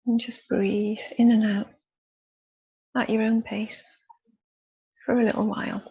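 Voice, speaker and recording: Woman guiding a body scan, slow and calm, very husky, dull lo-fi sound. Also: a little high. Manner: slow, soft, calm instructions with pauses. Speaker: youth worker leading a relaxation exercise. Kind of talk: guided body scan meditation.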